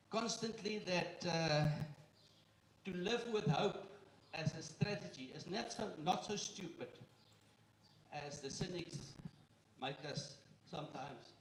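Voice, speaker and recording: A man who chairs a company, giving a live welcome speech to an audience, joking and using halting fillers. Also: high voice, animated. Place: indoor event room with an audience. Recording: echoey room, far from the mic, faint noise.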